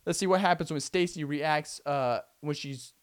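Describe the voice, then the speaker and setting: Man imitating a school-video narrator, hammy, upbeat, presenter manner, highish voice. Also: moderate pace, no room sound, natural voice. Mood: upbeat, presenting.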